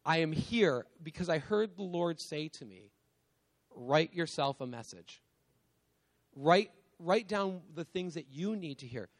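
High-voiced man preaching a chatty sermon. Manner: conversational, lots of "like" and "right?", self-mocking laughs. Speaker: guest preacher. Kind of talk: casual sermon.

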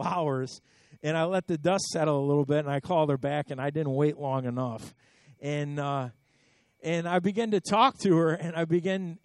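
High-voiced man preaching a storytelling sermon. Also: no room sound. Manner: conversational storytelling with repeated words and emphatic swells. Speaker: pastor.

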